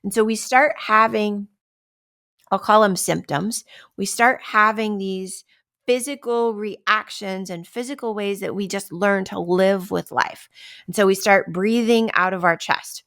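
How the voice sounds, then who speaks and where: A woman's voice: medium pitch, unhurried, fairly bright tone. A woman hosting a podcast in a casual, conversational way, acting out everyday stress scenes and often asking "right?". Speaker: podcast host. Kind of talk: casual wellness talk.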